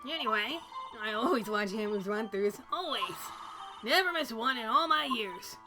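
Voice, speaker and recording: A nosy, chatty old woman working as a security guard drawls her words and calls everyone dearie, as a woman streamer puts her on. Her voice sits a little high. Game music plays loudly under her. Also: expressive, moderate pace, lightly acted. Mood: indignant. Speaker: streamer reading game dialogue.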